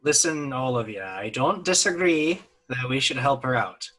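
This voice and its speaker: A man with a bright, mid-pitched voice speaks firmly in character as a tabletop role-playing player. He lays things out in a measured way. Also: lively intonation.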